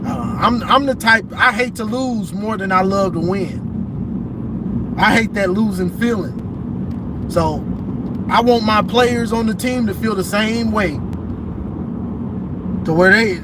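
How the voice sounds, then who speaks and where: Very high-voiced man ranting in his car. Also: slow pace, long pauses, very noisy. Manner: emphatic, repeats himself, drawling. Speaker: sports commentator vlogger. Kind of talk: casual car livestream rant. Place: inside a car.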